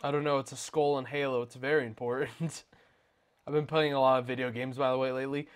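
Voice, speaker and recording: A young man hosting a movie reaction, chatting casually and bluntly, swearing and getting loud and worked up. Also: medium pitch, little pitch movement, brisk, smooth.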